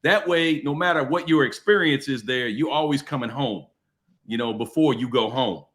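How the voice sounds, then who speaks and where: A man's voice: mid-range voice, moderate pace, fairly bright tone. A man talking as a podcast guest in casual chat, giving confident advice.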